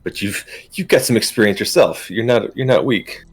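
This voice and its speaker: Gravelly deep-voiced male game master. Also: animated, moderate pace, soft background music. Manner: casual, hesitant with many ums, laughs easily. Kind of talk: narrating a tabletop game.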